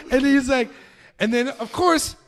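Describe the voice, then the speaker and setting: A young man from New York telling a story on a podcast, with a fairly high voice. He swears freely and gets animated, acting out the people in it as he goes. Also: takes it slowly. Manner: animated, profane, acts out voices. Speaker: podcast guest. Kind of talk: casual storytelling.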